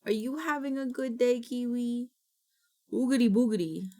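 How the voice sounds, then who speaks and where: A woman's voice: a little high, fairly even intonation, measured pace. A woman streamer chatting casually on a live stream, rambling and frustrated, sometimes slipping into goofy baby talk.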